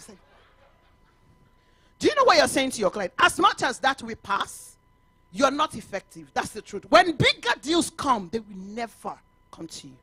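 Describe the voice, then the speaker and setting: A woman with a Nigerian accent giving a talk to realtors at a conference, lively and mixing in Yoruba phrases. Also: high-pitched, moderate pace, dry recording. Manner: animated, mixes Yoruba and English, laughs often. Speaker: conference speaker. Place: conference hall.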